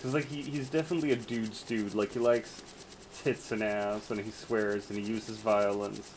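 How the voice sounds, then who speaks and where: A man streams a game and chats casually, trading crude, teasing banter and laughing often. His voice is fairly low and fairly even at a moderate pace, heard on a low-quality recording with slight background noise.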